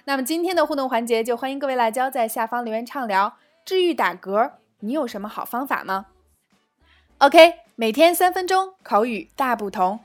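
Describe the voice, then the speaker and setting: A woman with a high voice teaches phrases in a scripted lesson. She reads short dialogue lines clearly and carefully, then explains them in Mandarin. Faint music plays under her voice. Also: lively intonation, brisk. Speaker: English teacher.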